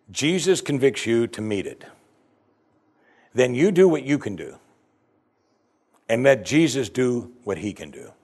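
A man's voice: on the low side, a little mellow. A man preaching a sermon, reading scripture aloud with dramatic emphasis. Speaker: pastor.

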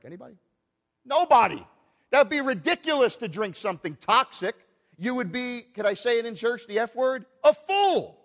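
A man preaching a sermon in church, animated and asking the congregation rhetorical questions. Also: high-pitched, in a large hall. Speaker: pastor.

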